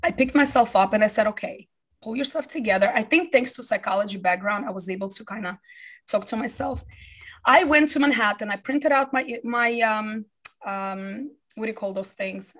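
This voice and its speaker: A woman in her thirties from the USA, a business founder telling her life story in an interview, animated and acting out what people said. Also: medium pitch, normal speed. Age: 30s.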